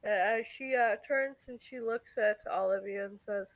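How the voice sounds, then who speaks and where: A man running a tabletop game as game master, narrating haltingly with many fillers. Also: high voice, a bit bright, poor audio.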